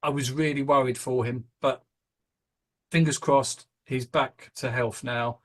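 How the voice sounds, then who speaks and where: A man's voice: mid-range voice, steady tone, measured pace, fairly bright tone. A British man hosting a casual podcast, rambling with plenty of ums and restarts. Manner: rambling, hesitant, many fillers. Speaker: podcast host.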